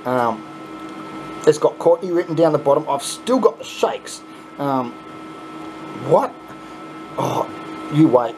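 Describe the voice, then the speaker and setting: An excitable middle-aged Australian man talks through an unboxing for his vlog in a casual, chuckly way and swears freely. His pitch swoops up and down all the time. A faint hum of room ambience sits under his voice. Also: a little slow, pauses often. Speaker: coin pusher channel host.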